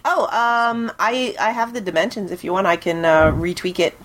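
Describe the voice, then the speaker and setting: Woman guest on a podcast, chatty, laughs easy, middle pitch. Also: steady tone, moderate pace, fairly bright tone. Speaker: guest co-host. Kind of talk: casual podcast chat.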